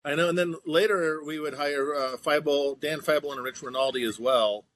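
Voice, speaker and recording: Man, guest writer, dry understated humor, casual talk, fairly high voice. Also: moderate pace, a bit bright, slight background noise. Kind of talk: casual chat.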